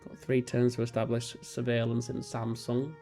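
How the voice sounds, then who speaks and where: A young man talks through his strategy game in a loose, self-mocking way, cracking jokes and sometimes slipping into daft high voices. His voice sits at an ordinary middle pitch, with faint game music playing underneath. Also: completely flat delivery, normal speed, gravelly, warm tone. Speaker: let's play host. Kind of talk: casual gameplay commentary.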